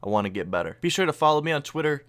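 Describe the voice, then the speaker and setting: A young man telling a story casually over gameplay footage, swearing freely and animated as he retells it. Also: on the high side, very fast. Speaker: YouTuber.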